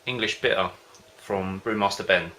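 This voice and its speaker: A man's voice: low-pitched, normal speed, bright, forceful tone, a little hiss or hum. A man vlogging about home brewing in a casual, rambling way, often hesitating and losing his thread. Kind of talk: casual rambling chat to camera.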